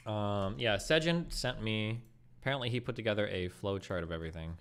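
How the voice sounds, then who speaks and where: Male streamer, fast clip, casual read-along with quick throwaway remarks. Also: fairly low pitch, a bit bright, clean tone. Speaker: streamer reading text messages aloud. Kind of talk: casual reading and reacting.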